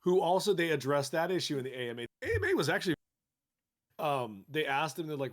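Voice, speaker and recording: A man's voice: on the high side, sing-song, fast. A man co-hosting a casual podcast over a call, telling stories in a laid-back way and laughing often. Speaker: podcast co-host. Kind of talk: casual chat. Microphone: remote call.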